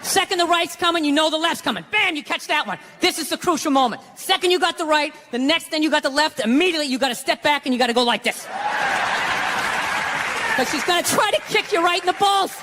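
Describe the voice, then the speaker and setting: A man's voice: very high-pitched, lively intonation, quick pace, sharp tone. Brash, profane male stand-up comedian. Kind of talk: stand-up storytelling. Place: comedy club stage. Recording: live club with noisy crowd.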